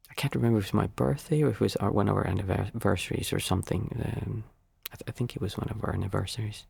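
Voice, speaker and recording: A man, a father of young children, giving a reflective spiritual talk as a meditation teacher, halting and repeating words as he searches for terms. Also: lowish voice, steady tone, creaky, a little mellow, breathy edge.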